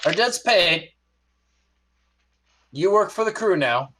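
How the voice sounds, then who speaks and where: A man's voice: sits high, animated, slow, a bit bright, voice pushed up, heavily acted. A man voicing a grateful pirate captain who speaks in earnest, solemn pronouncements.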